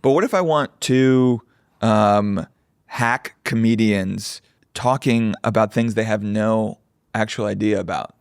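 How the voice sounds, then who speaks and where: A man's voice: fairly low pitch, takes it slowly, clear, resonant tone, dry recording, clean studio sound. A man co-hosting a podcast in casual comedic chat, riffing with wry jokey asides. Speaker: podcast co-host.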